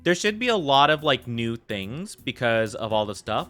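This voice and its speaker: Bright-voiced chatty male streamer. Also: mid-range voice, big pitch swings, moderate pace, few pauses, faint music behind. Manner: rambling and giggly, full of filler "like". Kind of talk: casual live-stream chat.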